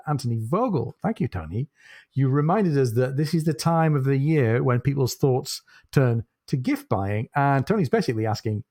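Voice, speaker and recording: A man's voice: medium pitch, a little mellow. A man co-hosting a podcast in casual chat, reading out announcements and asking his co-host questions. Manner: chatty, reads out announcements.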